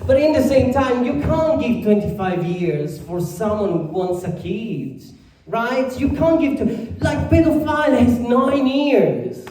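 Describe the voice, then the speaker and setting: Italian stand-up, deadpan and halting; high, mellow voice, distant mic, big echo. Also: male voice. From Italy. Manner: deadpan, halting delivery with many fillers. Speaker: stand-up comedian. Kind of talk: stand-up comedy set. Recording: far from the mic in a very echoey room.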